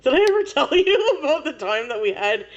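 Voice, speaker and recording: A woman's voice: high-pitched, sing-song, a little fast, lo-fi sound. A woman livestreamer chatting casually with viewers, laughing often and swearing freely.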